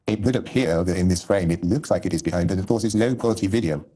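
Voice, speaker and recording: A caller on a livestream debate, giving hedging, measured replies. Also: male voice, low voice, mellow, slightly rough. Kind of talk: call-in debate.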